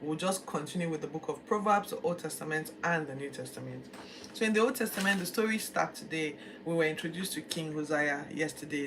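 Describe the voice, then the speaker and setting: Woman retelling Bible stories. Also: low-pitched. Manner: conversational, animated storytelling with asides. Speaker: Bible teacher. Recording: distant mic, faint background noise.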